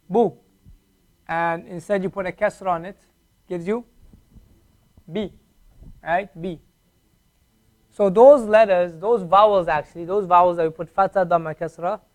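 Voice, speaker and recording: A man teaching a beginner Arabic class at a whiteboard, patiently repeating each sound slowly for his learners. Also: high-pitched.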